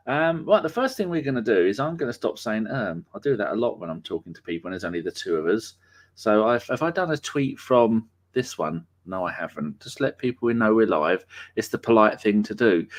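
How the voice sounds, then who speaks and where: A man's voice: lowish voice, very animated, moderate pace. A man hosting a live podcast in casual, rambling chat, joking and using lots of fillers. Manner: chatty, rambling, jokey, with many fillers. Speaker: podcast host.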